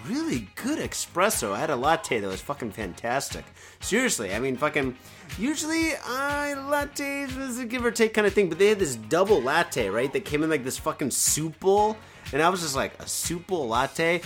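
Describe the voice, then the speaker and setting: A man's voice: on the high side, normal speed, soft background music. A man hosting a casual solo podcast from home, rambling and swearing as he drinks, a bit tipsy. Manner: profane, rambling, animated. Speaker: podcast host. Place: home in Japan, indoors.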